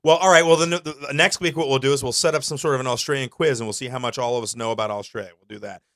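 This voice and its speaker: A man's voice: medium pitch, fairly even intonation, very fast, fairly bright tone, no room sound, studio quality. A man co-hosting a live comedy web show, rambling and teasing his co-hosts in casual chat. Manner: rambling, teasing, self-mocking. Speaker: co-host.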